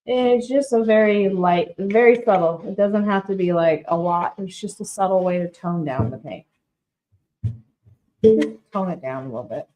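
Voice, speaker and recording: Faint music plays behind a rough recording of a shop owner leading a casual live painting craft demo. Her lowish, dark voice moves at a moderate pace as she chats cheerfully with her viewers, naming them directly.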